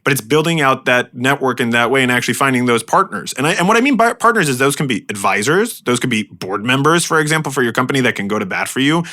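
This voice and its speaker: An American man co-hosting a casual business podcast, talking in animated runs with many fillers and restarts. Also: mid-range voice, quick pace, hardly any pauses. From United States. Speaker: podcast co-host, sales advisor.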